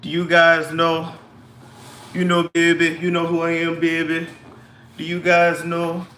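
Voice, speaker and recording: A man putting on a scatterbrained woman who frets over her damaged hair, drawling slowly and calling everyone baby. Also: high voice, animated, sharp tone, a little hiss or hum, exaggerated voice. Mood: fretful. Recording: echoey room.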